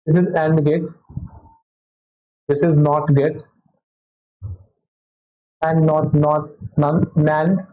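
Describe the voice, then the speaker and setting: Halting Indian English physics teacher. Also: male voice, fairly high pitch. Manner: halting, self-correcting explanation with many "okay"s. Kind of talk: test solution walkthrough. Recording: dull lo-fi audio.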